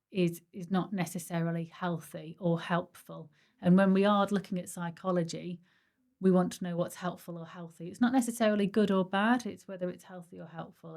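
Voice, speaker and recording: A woman from Stoke-on-Trent, co-hosting a casual podcast in a chatty, explanatory way with a psychology-minded angle. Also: fairly low pitch. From Stoke-on-Trent, England. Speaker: podcast co-host. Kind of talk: casual chat.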